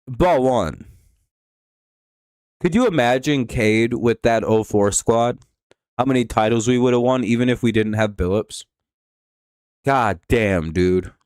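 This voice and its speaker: A man's voice: mid-range voice, measured pace, long pauses, a little mellow, smooth, no room sound, clean studio sound. A man hosting a live stream, giving rambling, offhand game commentary with casual swearing.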